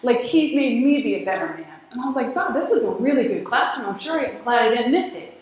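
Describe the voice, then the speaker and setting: A woman's voice: on the high side, big pitch swings, a little fast, a little hiss or hum. A woman telling a personal story in a talk, acting out the dialogue and laughing often. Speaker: speaker at a spiritual community gathering. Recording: very echoey hall.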